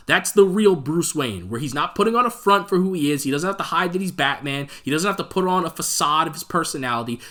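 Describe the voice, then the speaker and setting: A man in his twenties giving casual video commentary as a film reviewer, animated and opinionated, with exasperated rants. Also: on the high side.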